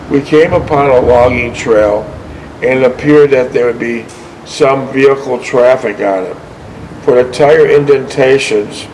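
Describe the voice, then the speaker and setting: The host reads aloud from a veteran's war memoir with frequent stumbles and self-corrections, pausing for short asides. He speaks in a mid-range voice over background noise.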